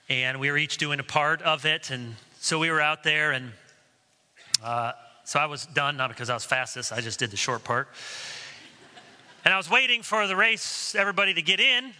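A male pastor preaches with a strikingly bright, forceful tone and a fairly high voice. He is earnest and slips into stories as he goes. The sound carries the long reverb of a church sanctuary. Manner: earnest preaching, storytelling asides. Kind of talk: sermon.

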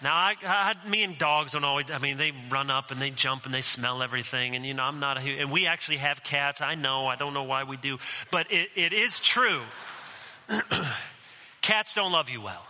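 A man's voice: mid-range voice, normal speed, bright, forceful tone, long reverb tail, poor audio. A man preaching a sermon as pastor, conversational and mixing in humorous asides.

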